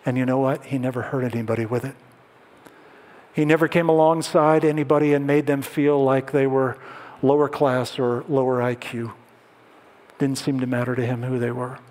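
A man preaching a sermon as a pastor, telling stories and dropping to soft, hushed tones to drive points home. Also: mid-range voice, level tone, normal speed, big-room sound. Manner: storytelling, drops to soft hushed tones for emphasis.

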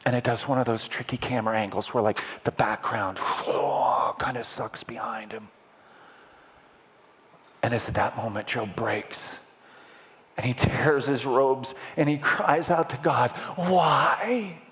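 A man's voice: mid-range voice, normal speed, fairly bright tone, husky. A man preaching a sermon as dramatic movie-trailer narration, adding vocal sound effects for a live audience in a hall. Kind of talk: sermon storytelling.

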